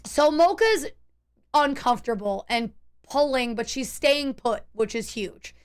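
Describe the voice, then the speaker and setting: A woman with a high voice streams to her chat and recounts a tense encounter as a casual story. She talks in an animated rush, stumbling over restarts and leaning on "like" as she goes. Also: unhurried, smooth.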